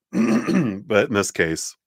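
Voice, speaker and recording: A man's voice: mid-range voice, vocal fry, slightly rough, dry recording, studio quality. A man giving a live-streamed tarot reading in a chatty way, laughing often and using many fillers. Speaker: tarot reader.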